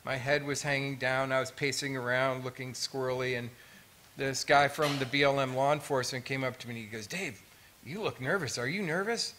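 Bright-voiced man telling stories. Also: medium pitch, a little fast, a little hiss or hum. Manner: lively storytelling with humor. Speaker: fire artist and pyrotechnician. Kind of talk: symposium talk with stories. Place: museum auditorium.

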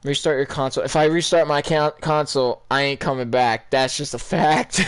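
A young man talks loosely over his gameplay, rambling from one thought to the next and turning to his viewers with questions. His voice is smooth and clear and sits a little high for a man. It sounds like relaxed, unscripted chat. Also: moderate pace. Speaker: gaming YouTuber. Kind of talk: casual gameplay commentary.

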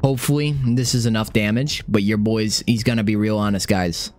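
A young man streaming a video game, swearing, repeating himself and swinging from high yelps to low mutters. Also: steady tone, fairly quick, a little mellow. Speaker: gaming streamer. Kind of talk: live gameplay commentary. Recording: game music behind.

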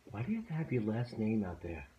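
A man's voice: on the low side, wildly swooping pitch, fast talker. A man talking casually at home as a father, asking puzzled questions. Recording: distant, dull lo-fi sound.

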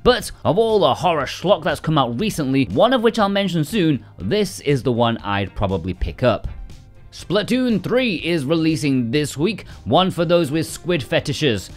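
A man's voice: a little high, sing-song, moderate pace, soft background music. A man hosting a game release roundup in casual scripted commentary, full of sarcastic joking asides. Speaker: game release news host.

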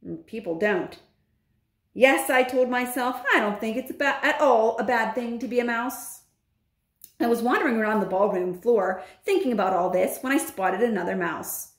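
A woman, a teacher, reading a children's novel aloud in an expressive storybook manner. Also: on the high side, normal speed. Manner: expressive, with lively intonation. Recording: roomy echo.

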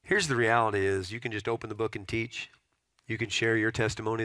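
A man's voice: lowish voice, little pitch movement, a little fast, pushed and bright, no room sound. A pastor preaching a sermon to his congregation, telling stories and repeating pointed questions.

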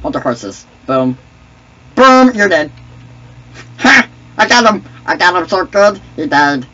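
A man putting on the voice of a goofy, clumsy male alien sidekick in an excitable, trash-talking way while commenting on a game, with sing-song babble. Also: high voice, moderate pace. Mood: gleeful. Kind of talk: gaming commentary in a character voice. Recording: dull lo-fi mic with faint hum.

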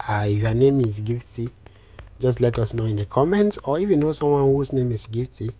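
A man calmly talking through a phone design tutorial step by step, with many fillers. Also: medium pitch. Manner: calm step-by-step instructions with frequent fillers. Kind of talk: screen-recorded software tutorial.

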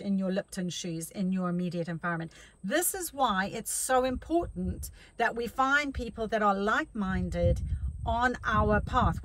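A woman's voice: medium pitch, a bit bright, dry recording, rough recording. A middle-aged woman life coach giving a chatty motivational talk, telling stories with many restarts.

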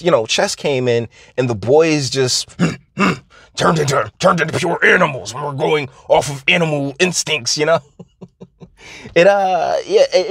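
A man's voice: medium pitch, no echo, clean studio sound. A man ranting casually on his vlog, rambling and interrupting himself, laughing often. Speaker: vlogger. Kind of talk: casual comedic rant.

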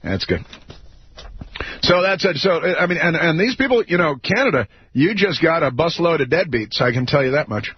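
A man's voice: fairly high pitch, lively intonation, a little fast, hardly any pauses, slightly rough, no room sound. A man hosting political talk radio, sarcastic, mocking and combative. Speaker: radio talk show host. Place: radio studio. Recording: dry, slightly dull studio audio.

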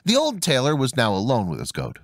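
Expressive male fairy tale narrator. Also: medium pitch, a little fast, no room sound, studio quality. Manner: expressive storytelling, voicing each character. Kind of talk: audiobook fairy tale reading.

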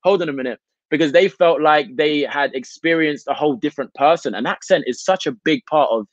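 A British man, an actor, talking through his craft at length in a relaxed interview, with frequent "you know" fillers. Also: fairly high pitch, a little fast, no echo, lo-fi sound. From United Kingdom. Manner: expansive, reflective, many "you know" fillers. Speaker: actor, guest. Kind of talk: casual interview chat.

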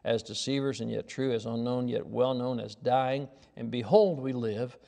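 A middle-aged man preaching a sermon as pastor, in a folksy storytelling way that moves from quiet asides to raised, emphatic lines. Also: mid-range voice, normal speed, creaky.

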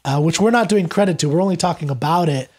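A man talking as a podcast guest, retelling a play in a lively conversational way and acting out the characters' lines as he goes. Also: on the high side, fast. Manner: animated, acts out quoted lines while retelling. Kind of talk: conversational literary discussion.

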